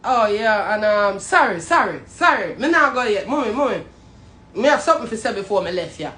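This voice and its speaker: A woman with a Jamaican accent ranting casually and profanely to her viewers, half joking, turning from mumbled apologies to loud outbursts. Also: mid-range voice, very animated, a little fast. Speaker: vlogger. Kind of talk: casual comedic rant to viewers. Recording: roomy echo, faint background noise.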